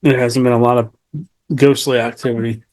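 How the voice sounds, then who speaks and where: A man's voice: medium pitch, little pitch movement, fairly quick, darkish tone. A man hosting a casual interview podcast, laid-back, giving short encouraging replies. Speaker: podcast host.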